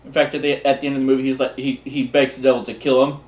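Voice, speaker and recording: A man's voice: medium pitch, little pitch movement, very fast, a little mellow. A man casually presenting a countdown of favorite videos, rambling and often restarting his words. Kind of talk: casual unscripted commentary. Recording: echoey room.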